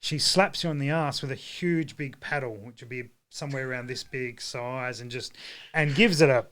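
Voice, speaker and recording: A man's voice: medium pitch, normal speed, fairly bright tone. A man hosting a livestream, telling stories in a rambling, casual way with many restarts. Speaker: livestream host. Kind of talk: casual chat.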